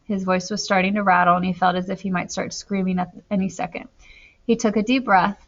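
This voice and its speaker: A woman's voice: mid-range voice, fairly quick. Woman narrating a novel, muffled recording. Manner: steady storytelling, rising in tense moments. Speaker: audiobook narrator. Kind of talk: novel read aloud.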